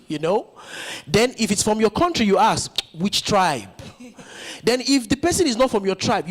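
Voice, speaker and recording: A man giving a motivational conference speech, stirring the audience with rhetorical questions. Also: high voice. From Nigeria. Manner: rousing, full of rhetorical questions. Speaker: conference speaker.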